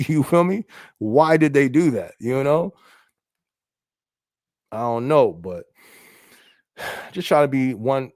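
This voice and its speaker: A man's voice: medium pitch, a little mellow, no echo, clean studio sound. A man hosting a casual podcast stream, reading viewer comments aloud in a laid-back way and often checking in with "you know what I mean". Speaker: podcast host and rapper.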